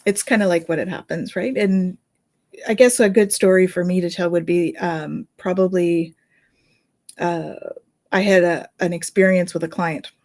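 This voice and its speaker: A middle-aged woman, a Reiki healer and medium, casually telling a story in a chatty, animated way. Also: fairly low pitch, normal speed. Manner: chatty, animated, with fillers and laughs.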